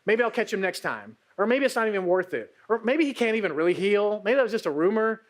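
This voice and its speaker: A man's voice: high-pitched, very animated, fast talker. A male preacher voicing an anxious, hurting woman who stammers and doubts herself. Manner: hesitant, self-doubting, stammering.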